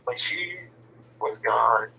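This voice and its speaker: A man's voice: medium pitch, expressive, takes it slowly, gravelly, sharp tone, distant mic, slight background noise, low-quality recording. A man telling a personal story in casual, blunt, profane talk, often stumbling and repeating words as he starts a sentence.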